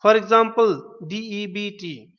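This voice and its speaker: A man's voice: sits high, measured pace, fairly bright tone. A man teaching an online linguistics lecture, explaining step by step and spelling words out letter by letter, often restarting his sentences. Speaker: webinar lecturer. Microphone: webinar stream. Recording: dull lo-fi audio with long reverb.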